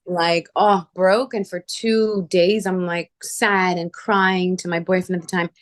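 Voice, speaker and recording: A woman with a fairly low voice hosts a relaxed chat show. She tells personal stories with lots of energy and slips into other people's voices as she quotes them. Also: a little slow, no room sound, clean studio sound. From Canada. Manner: animated storyteller, acts out quoted voices. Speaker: show host. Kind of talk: casual chat.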